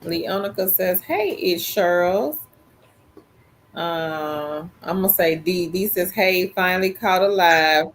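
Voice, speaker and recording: Woman co-host, slow easy livestream chat, reads viewer comments. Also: lowish voice, a little hiss or hum.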